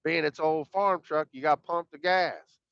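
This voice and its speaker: Folksy man with a slightly high voice. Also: normal speed, vocal fry, clear, resonant tone, no room sound. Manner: folksy, rambling, colloquial, acts out dialogue. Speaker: storyteller. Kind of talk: casual personal storytelling. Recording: dull lo-fi dry sound.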